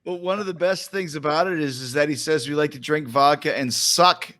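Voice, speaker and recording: A man's voice: fairly high pitch, a little fast, sharp tone, dry recording. A man co-hosting a podcast, chatting casually and laughing as he rambles through stories. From Canada. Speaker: podcast co-host. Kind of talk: casual chat.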